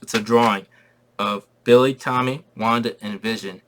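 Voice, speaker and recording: A man giving a casual movie review who talks in an excitable, rambling way and repeats his phrases. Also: fairly low pitch, moderate pace, a little hiss or hum.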